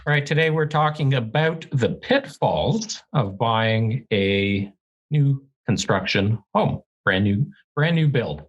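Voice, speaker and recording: A man co-hosts a casual podcast, speaking bluntly and ranting freely, with some swearing mixed in. His voice sits at an ordinary middle pitch. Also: animated, slow, dull audio. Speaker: podcast co-host.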